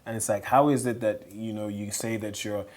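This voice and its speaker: A man's voice: lowish voice, fairly even intonation, moderate pace, darkish tone, a little hiss or hum. A man on a panel talking about church, emphatic and repeating words as he builds his points. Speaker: pastor's child on a panel. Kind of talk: candid panel discussion.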